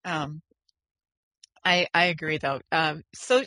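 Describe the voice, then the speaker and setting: A woman's voice: lowish voice, lively intonation, normal speed, pushed and bright, no echo. Playful, laughing woman podcast co-host. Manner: playful, joking, laughs often. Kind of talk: casual chat, reading listener mail.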